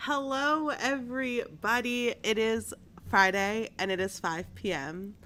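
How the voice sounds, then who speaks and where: A woman's voice: fairly high pitch, measured pace. A woman in her thirties hosting a casual live-streamed news show from a small studio, chatty and bubbly, with a stuffy nose. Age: 30s. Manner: chatty, bubbly, lots of fillers.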